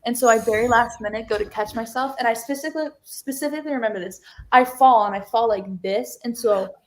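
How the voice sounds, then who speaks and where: A young woman guest on a video call, telling a story in a lively, giggly way full of fillers. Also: on the high side, fast talker. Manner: animated, giggly, lots of "like". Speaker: interview guest, singer. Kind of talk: casual interview storytelling.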